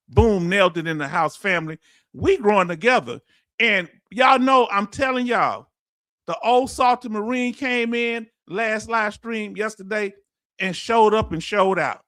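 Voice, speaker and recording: A middle-aged man with a Houston accent, hosting a casual live stream, reading viewer comments aloud in a folksy, animated way and laughing often. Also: sits high, moderate pace, dry recording, clean studio sound. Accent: Houston, Texas.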